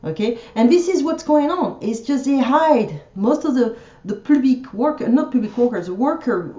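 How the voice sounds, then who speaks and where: A French woman with a French accent rants bluntly in a casual vlog, tripping over fillers and restarting her sentences. Her voice is mellow and somewhat dark. The sound is roomy and a little dull. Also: on the high side, sing-song, normal speed. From France. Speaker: French teacher vlogger. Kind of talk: ranting vlog monologue.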